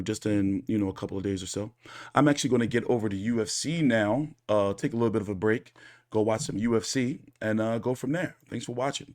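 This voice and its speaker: A man's voice: on the low side, a little mellow. A man hosting a boxing channel, giving casual, opinionated reaction commentary with many fillers and restarts.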